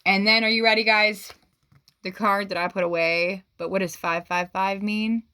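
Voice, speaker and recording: A woman giving a tarot reading to her viewers, gushing and exclamatory, swinging between excited outbursts and hushed asides. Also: medium pitch, normal speed, clear, resonant tone, no room sound. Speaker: tarot reader.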